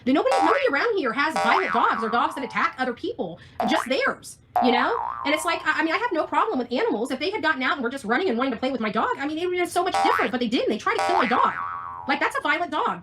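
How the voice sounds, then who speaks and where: Fast-talking rambling woman vlogger. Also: high-pitched, sing-song. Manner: rambling, emphatic, many restarts. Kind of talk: casual storytelling to camera. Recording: loud music behind.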